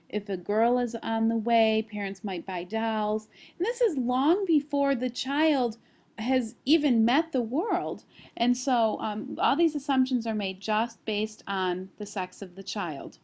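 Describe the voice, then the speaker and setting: A woman in her thirties records a screencast lecture, explaining things at a steady pace. Her voice sits a little higher than most women's. Now and then she drops in small fillers before picking the thread back up. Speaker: college instructor.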